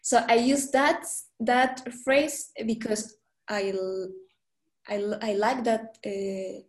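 A woman with a Spanish accent, a Spanish teacher speaking English as a second language as a podcast guest, halting and searching for words with many fillers. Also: a little high, steady tone. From Guatemala. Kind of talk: casual interview chat. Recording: echoey room.

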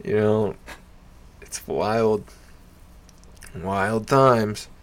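A man's voice: lowish voice, drawn-out words. Profane, rambling man telling a story. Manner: profane and rambling, full of fillers; animated, laughing while he recounts. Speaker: amateur stand-up comic. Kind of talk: casual anecdote telling.

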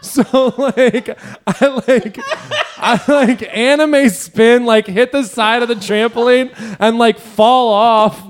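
A man from Mississippi co-hosts a casual podcast chat, telling childhood stories punctuated by laughter and free swearing. His voice is very high-pitched yet clear and resonant, steady in tone, and he takes things slowly.

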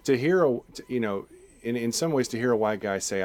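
A man co-hosting a podcast in casual conversation, talking in halting bursts with many restarts and fillers. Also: mid-range voice, expressive, a little mellow. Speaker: podcast co-host.

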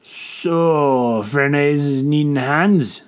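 A man's voice: a little high, drawn-out words, smooth, pitched above the performer's own voice. A man voicing a boastful, bawdy old male sailor who slurs his words in an audio story. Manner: slurring.

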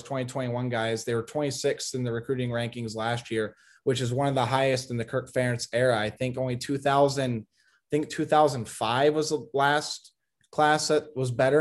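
Animated man talking college football. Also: mid-range voice, normal speed. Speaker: sports show co-host. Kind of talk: casual sports talk.

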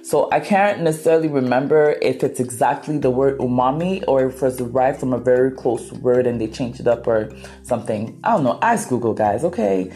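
A woman hosting a podcast, telling a story in a casual, animated way and acting out quotes dramatically. Her first language is Cree. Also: very deep voice, brisk, faint music behind. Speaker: podcast host.

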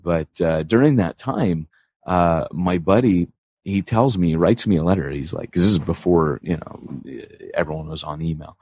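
A man co-hosting a podcast, telling stories in a casual, animated way with lots of fillers. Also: low voice, normal speed, slightly rough, highs cut off. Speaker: podcast host.

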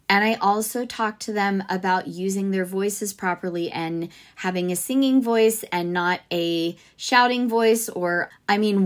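Upbeat woman music teacher chatting tips on her podcast, mid pitch. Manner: chatty, upbeat, lots of asides.

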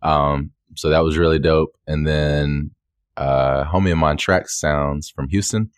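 Podcast guest, male, very low voice, relaxed slang, dry close sound. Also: a little slow, smooth, dry recording. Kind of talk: casual chat.

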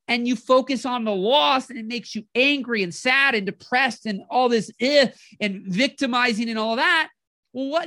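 Animated motivational podcast host. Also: high voice, no echo, clean studio sound. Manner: animated, acts out inner voices, keeps asking "right?".

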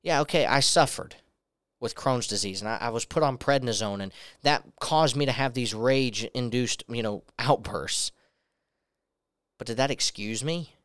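A young preacher delivers a personal testimony as a sermon, earnestly telling a story and acting out its dialogue. His mid-range voice is a bit bright and clean at a normal speed, recorded with clean studio sound and no echo.

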